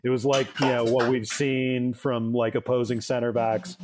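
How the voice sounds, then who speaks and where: A man's voice: medium pitch, level tone, moderate pace, darkish tone. A man co-hosting a sports podcast in casual chat, rambling with lots of fillers and restarts. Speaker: podcast co-host.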